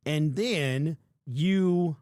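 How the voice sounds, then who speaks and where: Joking man with a higher voice, dry sound. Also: extremely slow, a little mellow, no room sound. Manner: joking, laughs at his own stories, talks straight to viewers. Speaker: sports podcast host. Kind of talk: casual podcast chat.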